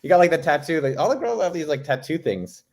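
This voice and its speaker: A man hosts a live stream from his house, loose and jokey as he greets viewers by name. His voice sits a bit higher than most men's. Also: lively intonation, fast talker, a little mellow. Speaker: host. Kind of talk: casual livestream chat. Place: home.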